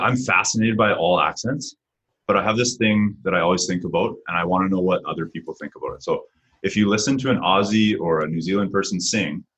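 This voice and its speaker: Deep-voiced, husky co-host. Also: male voice, low-quality recording. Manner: animated storytelling with many likes. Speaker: podcast co-host. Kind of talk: casual podcast chat.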